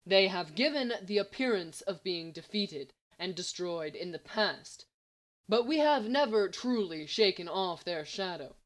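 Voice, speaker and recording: A woman's voice: on the low side, lively intonation, measured pace. Brief: a woman voicing a calculating male villain, confident and lecturing. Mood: calm. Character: smug scheming male genius villain.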